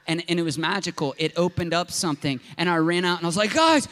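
A man's voice: on the high side, steady tone, quick pace, fairly bright tone, a little hiss or hum. A man from Southern Ohio, a pastor preaching a sermon in an impassioned, conversational storytelling way.

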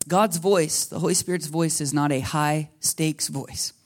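A man preaching a sermon as a pastor, telling stories with lively energy and acting out conversations with God. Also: fairly high pitch, unhurried. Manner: animated storytelling, acting out dialogue with God. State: a little emotional.

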